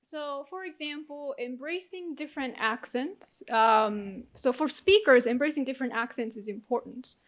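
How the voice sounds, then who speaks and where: A woman's voice: sits high, normal speed, few pauses. A woman judging a speech contest, asking questions and rephrasing them to explain. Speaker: contest judge. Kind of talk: judge's questions.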